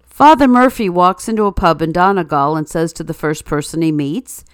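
A woman's voice: on the low side, normal speed, clean tone, dry recording. A woman host reading news items and a string of jokes with a dry, wry delivery. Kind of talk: read-aloud segment with news, quotes and jokes.

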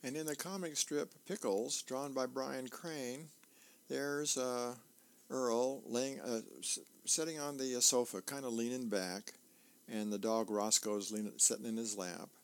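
A man who volunteers reading a newspaper aloud on a reading service, unhurried and plain, with small fillers. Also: mid-range voice, fairly even intonation.

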